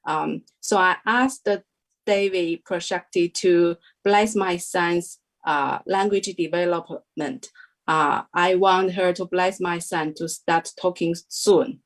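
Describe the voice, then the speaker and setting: A woman's voice: on the low side, slow pace, low-quality recording. A woman in her thirties telling her story as an interview guest, hesitant and full of fillers, with non-native phrasing. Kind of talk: personal testimony in an interview.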